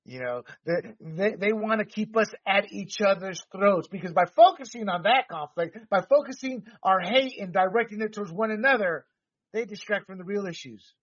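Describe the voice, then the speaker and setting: A man's voice: sits high, expressive, normal speed, a bit bright, no room sound, far from the mic. A man who grew up in Panama, hosting a podcast and delivering heated, emphatic political commentary with the odd swear word. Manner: heated, emphatic ranting with profanity. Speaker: podcast host. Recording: dull lo-fi, dry, set back from mic.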